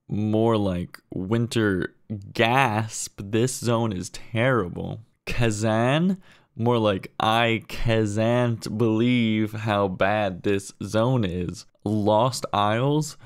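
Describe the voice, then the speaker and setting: A young man delivering a deadpan list of comedy puns, drawn out slowly with quick mumbled asides. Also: lowish voice, smooth. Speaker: comedy video creator.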